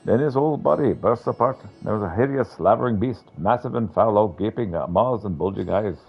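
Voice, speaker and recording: A man voicing a gruff, shaken male tradesman who bluntly recounts a horror he witnessed, in a game. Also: on the low side, expressive, a little fast, dull audio, soft background music, full character voice. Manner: blunt, swears.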